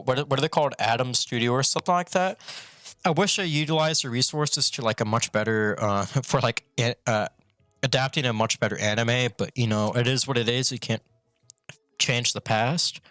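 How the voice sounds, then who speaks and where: A man's voice: medium pitch, sharp tone, no echo, clean studio sound. A male streamer ranting bluntly and profanely in a rambling casual way, talking with a retainer in his mouth. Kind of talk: casual opinion rant.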